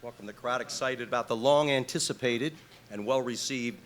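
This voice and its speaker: A man's voice: mid-range voice, moderate pace, a little hiss or hum. A middle-aged man giving a live introduction, a rambling, self-deprecating storyteller full of fillers and restarts. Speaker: guest introducing the main speaker. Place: live venue before an audience.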